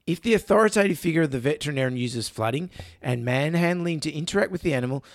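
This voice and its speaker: A man, co-hosting a podcast, relaxed, reading out an article and chatting. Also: fairly high pitch, quick pace, no echo, clean studio sound. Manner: relaxed, reads out articles, says mate often. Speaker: veterinarian podcast co-host. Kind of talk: casual chat.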